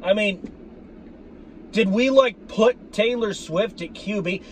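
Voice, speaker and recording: High-voiced man on a profane fan rant. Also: takes it slowly, slight background noise. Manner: profane, repetitive, addresses viewers as folks. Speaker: sports fan vlogger. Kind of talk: ranting fan commentary.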